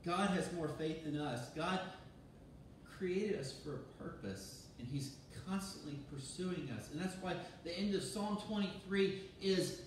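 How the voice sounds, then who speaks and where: A man's voice: a little high, unhurried, recorded from a distance, slight background noise. Man preaching in a very echoey church. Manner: animated, conversational preaching with restarts. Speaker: pastor. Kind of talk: sermon. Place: church sanctuary.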